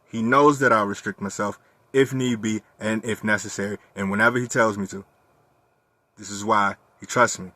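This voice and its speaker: Young man, bright tense voice, dry close sound, casual profane monologue. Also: on the low side, moderate pace, no echo. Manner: candid, profane, animated storytelling. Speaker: vlogger.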